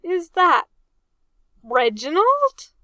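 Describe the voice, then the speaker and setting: A woman voicing a hot-headed young English naval officer who shouts and boasts loudly in a storybook reading. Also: extremely high pitch, huge pitch swings, extremely slow, no room sound, voice pushed up, exaggerated voice. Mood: alarmed. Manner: loud, indignant shouting.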